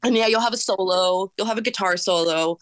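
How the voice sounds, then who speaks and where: A woman in her thirties talks fast and a little loud, with an intense, animated energy. The sound is dry and close, and her pitch sits in the middle range. She's a singer-songwriter chatting as an interview guest. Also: dry recording. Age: 30s. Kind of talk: casual interview chat.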